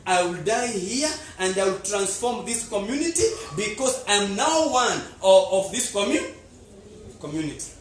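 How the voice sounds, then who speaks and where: An earnest young prince, voiced by a male preacher, speaks in firm declarations that climb louder and higher. The voice rings in an echoey church hall. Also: big pitch swings, normal speed, recorded from a distance, a little hiss or hum. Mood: resolute. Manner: pleading and resolute declarations.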